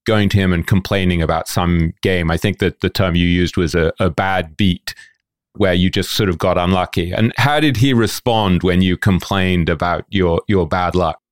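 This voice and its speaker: A man with a very deep voice, recorded dry and close. He hosts a podcast and asks his guest a question in a measured, thoughtful way. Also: dry recording. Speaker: podcast host. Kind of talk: interview question.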